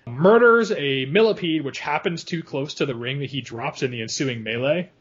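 A man co-hosting a podcast, talking casually about a film in an animated way, laughing often. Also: a little high, moderate pace, slightly rough, highs cut off. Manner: animated, laughs often, quotes lines in funny voices. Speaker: podcast co-host.

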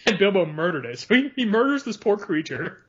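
A man co-hosting a podcast, talking casually about a film in an animated way, laughing often. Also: high-pitched, fairly quick, slightly rough, dull audio. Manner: animated, laughs often, quotes lines in funny voices. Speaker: podcast co-host.

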